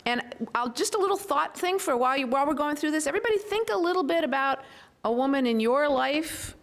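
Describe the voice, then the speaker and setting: A woman's voice: high voice, lively intonation, fast talker. A woman, a local official, hosts a public event as master of ceremonies, chatting informally with asides and fillers before reading a proclamation. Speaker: county board member, master of ceremonies. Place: public event room with an audience.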